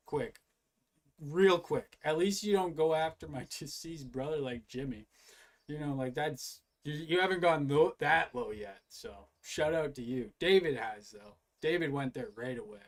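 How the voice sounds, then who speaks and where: Profane, mocking male streamer. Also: medium pitch. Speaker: streamer reacting to live videos. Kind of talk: casual live-stream commentary.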